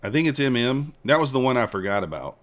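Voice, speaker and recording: A man's voice: mid-range voice, very animated, fast talker. A man streaming live futures trades, chatting casually with his viewers, joking and hyping his trades. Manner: chatty, joking with chat, banters and hypes trades.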